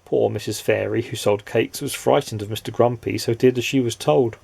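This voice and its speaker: A man reading a children's storybook aloud in a playful, expressive way, asking the listener questions. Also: mid-range voice, normal speed, vocal fry, slightly rough.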